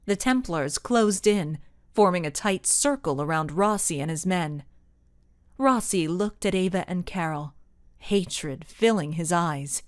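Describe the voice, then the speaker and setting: Expressive woman narrating a storybook. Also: lowish voice, unhurried, dry recording, clean studio sound. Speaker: audiobook narrator. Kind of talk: scripted narration.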